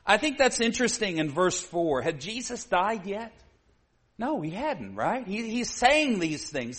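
A man preaching a sermon in a high voice. He takes his time, talking slowly and earnestly, and he often swells into emphatic stretches. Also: sing-song, a bit bright. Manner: earnest, with repeated "you see" and rising emphatic stretches.

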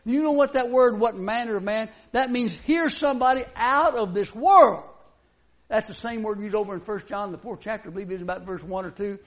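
High-voiced folksy male preacher. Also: brisk. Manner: folksy, conversational preaching with rhetorical questions. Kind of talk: sermon. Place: church service.

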